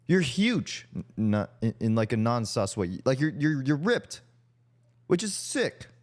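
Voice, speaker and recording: A man's voice: mid-range voice, very animated, unhurried. A young man hosting a streamer podcast, teasing his guest in casual chat, swearing freely and laughing often.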